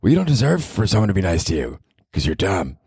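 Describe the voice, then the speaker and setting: A cutting, jealous girlfriend who snaps insults and scolds, as a man puts her on in a higher, pinched voice. The sound is dry and close, with no room around it. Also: wildly swooping pitch, fast, gravelly, a little mellow, slightly rough, no echo, heavily acted. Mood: mean, scolding. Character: mean jealous fake girlfriend, young woman.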